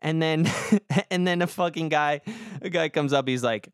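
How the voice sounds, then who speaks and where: Young male podcast host, rambling and profane, smooth clear voice, dry close sound. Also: a little high, normal speed, dry recording. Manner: rambling, swears a lot, self-deprecating. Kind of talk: casual comic monologue.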